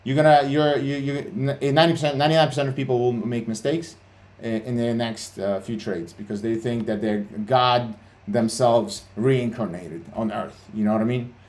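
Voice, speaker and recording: A man's voice: mid-range voice, steady tone, normal speed, hardly any pauses, a little mellow. A man hosting a trading livestream, talking bluntly and swearing a lot, with many fillers and restarts. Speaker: CEO and livestream host. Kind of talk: casual livestream talk.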